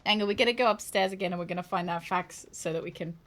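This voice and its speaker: A woman's voice: lowish voice, fast talker. A woman streaming a video game, joking, giggling and thinking aloud as she plays. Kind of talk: casual gameplay commentary.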